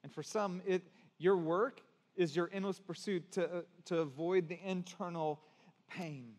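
A man with a notably high voice delivers a sermon as a pastor. He talks conversationally and rises to emphatic peaks. Long reverb from a large hall trails each phrase. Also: unhurried, darkish tone.

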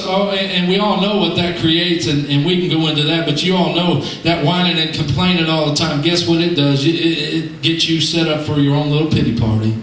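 Emphatic high-voiced preacher, recorded from a distance in a booming hall. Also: male voice, fairly quick, few pauses, slight background noise. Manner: animated, emphatic, shifting between shouts and low asides. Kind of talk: sermon. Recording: echoey hall, heard from far off.

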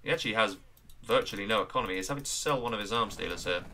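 A man with an English accent doing chatty, excitable live commentary on a strategy game match, greeting viewers along the way. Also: fairly low pitch, rapid-fire, a little hiss or hum.

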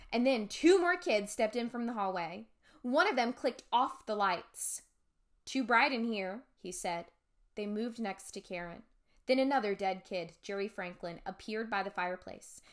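A woman teacher reading a chapter book aloud to a class, stopping to explain words in simple terms. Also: mid-range voice.

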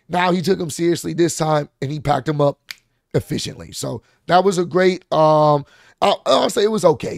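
Guy hyped up going over a wrestling show, gravelly voice, dry room, lots of ums and restarts. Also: on the high side, dry recording. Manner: excited, rambling with fillers and restarts. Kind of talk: casual recap commentary.

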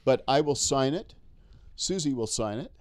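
A man calling bids in a live stream auction, energetic and jokey. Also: medium pitch, normal speed. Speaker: auctioneer and show co-host.

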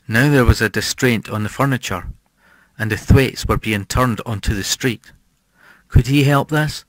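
A man giving a measured, scripted audiobook narration of a horror story. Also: fairly low pitch, fairly bright tone, no room sound, poor audio.

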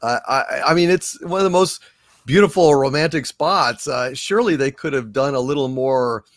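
A man chatting casually about a film, wry and hesitant, pausing often with "uh". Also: medium pitch, no room sound, clean studio sound. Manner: wry, hesitant, with many "uh" pauses.

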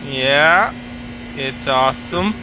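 A man's voice: mid-range voice, extremely slow, background noise. A man joking and teasing while playing a video game. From Canada. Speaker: let's play co-host. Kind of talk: casual gameplay chat.

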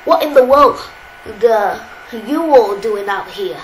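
A woman's voice: a little high, expressive, slow pace. A woman voicing a puzzled, grumbling male theme-park security guard with a made-up accent, for a game playthrough. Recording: roomy echo, faint background hiss.

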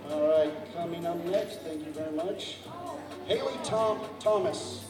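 A man's voice: a little high, a little slow. A man emceeing a cosplay contest live, joking and stumbling over contestants' names as he asks the crowd for help. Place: large convention hall. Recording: echoey hall, mic from far off, music and crowd behind. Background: music and a cheering crowd.

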